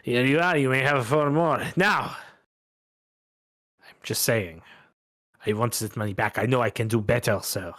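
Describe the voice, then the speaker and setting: A man's voice: mid-range voice, unhurried, long pauses, fairly bright tone, lightly acted. Man doing a fussy French-accented gambler. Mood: flustered. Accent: put-on French. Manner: fussy, apologetic, sprinkled with French words. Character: hapless, overly polite foreign gambler man.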